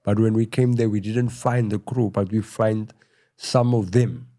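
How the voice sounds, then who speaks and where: A middle-aged South African man telling his story in a casual interview, rambling and full of "you know," going quieter at tense moments. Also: fairly low pitch, steady tone, measured pace. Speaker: podcast guest.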